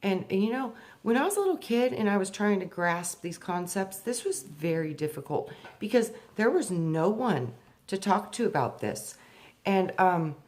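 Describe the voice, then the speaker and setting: A woman shares personal spiritual stories, going slow and hushed on the deep points. She grows animated when reliving a memory, and her voice rises sharply when she acts out her younger self.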